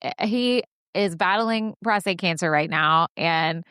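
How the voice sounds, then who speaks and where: A woman hosting a podcast, telling stories in an animated casual chat and laughing often. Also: on the low side, unhurried, smooth, no echo, studio quality. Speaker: podcast host.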